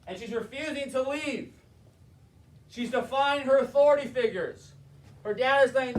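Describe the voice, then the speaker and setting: An impassioned man delivering a motivational leadership talk, his voice pitched high for a man. He acts out his story with feeling. The sound is roomy and picked up from a distance. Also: moderate pace. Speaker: motivational speaker, school board member.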